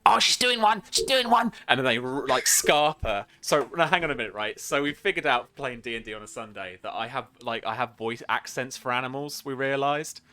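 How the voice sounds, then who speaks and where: A man's voice: medium pitch, brisk, few pauses, bright, forceful tone. A man as game master of a tabletop game, rambling with many fillers and restarts. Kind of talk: narrating a tabletop game on a stream.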